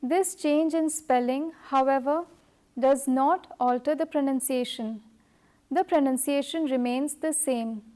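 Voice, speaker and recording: Slow, careful woman teaching French. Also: high-pitched, warm tone. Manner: slow, careful, measured delivery. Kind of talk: scripted language lesson.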